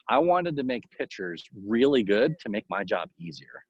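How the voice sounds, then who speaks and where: A man who is a baseball coach, talking casually in an interview and giving tips in a rambling, animated way full of fillers. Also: mid-range voice, fairly quick, few pauses, slightly rough, dry recording. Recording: dull, lo-fi, dry sound.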